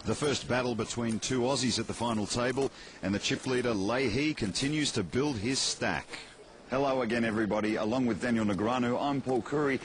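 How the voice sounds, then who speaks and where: A man calling play-by-play on a poker broadcast, crisply announcing cards and bets. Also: mid-range voice, brisk. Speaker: play-by-play host.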